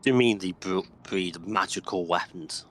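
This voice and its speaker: A man's voice: sits low, normal speed, fairly bright tone. A man playing in a tabletop game, blunt and accusing in character. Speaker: player.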